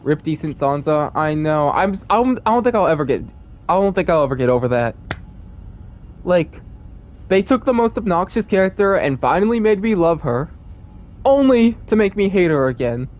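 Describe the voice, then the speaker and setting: A man streaming a game live, chatting casually and rambling in an excitable, gushing way. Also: high voice, moderate pace, muffled recording.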